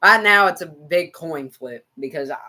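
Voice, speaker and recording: A man's voice: fairly high pitch, animated, moderate pace, pushed and bright. A man with an American country accent giving rambling, repetitive live football reaction and talking to his chat. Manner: rambling, repeats himself, talks to chat. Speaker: livestream sports reactor.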